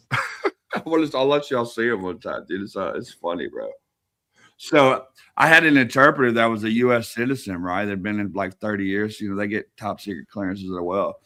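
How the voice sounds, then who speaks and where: A man's voice: lowish voice, animated, normal speed, bright, forceful tone. Brash, profane, laughing storyteller man. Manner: profane, rambling, laughs often. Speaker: podcast guest. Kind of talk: casual storytelling.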